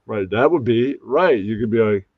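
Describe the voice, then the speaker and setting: A man's voice: fairly low pitch, lively intonation, normal speed, breathy edge, no echo, phone-quality sound. A man hosting a casual live stream, rambling and often losing track of names. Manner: rambling, loses names, puts on mocking voices. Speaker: stream host.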